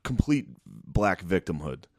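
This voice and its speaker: A man with a very low, deep voice, talking bluntly and sarcastically on a podcast, swearing freely. His voice is recorded close and dry. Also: wildly swooping pitch, a little slow, vocal fry, no echo. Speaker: podcast co-host. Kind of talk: casual podcast chat.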